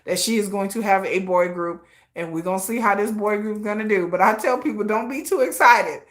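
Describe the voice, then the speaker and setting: A woman hosting a casual commentary live stream, talking in an animated, slangy, gossipy way and laughing often. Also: medium pitch, a little fast.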